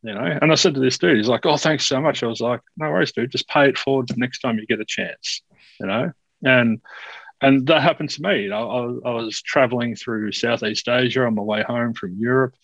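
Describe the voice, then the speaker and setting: A man's voice: mid-range voice, a little fast, gravelly, fairly bright tone, dry recording, poor audio. A man hosting a casual podcast chat, rambling and reflective as he tells anecdotes.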